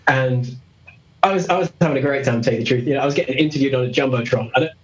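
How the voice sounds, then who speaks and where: A man's voice: mid-range voice, racing, muffled recording. A young British man telling a story as an interview guest, rambling, laughing often and restarting his sentences. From Britain. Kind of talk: casual storytelling.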